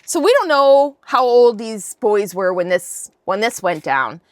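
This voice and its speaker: A woman's voice: mid-range voice, big pitch swings, unhurried, dry recording, clean studio sound. A woman host casually retelling a Bible story, chatty and slangy with wry asides. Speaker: podcast host.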